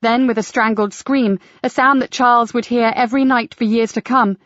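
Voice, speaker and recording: A woman narrating a mystery audiobook in a measured, even storytelling manner. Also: fairly high pitch, dry recording, highs cut off.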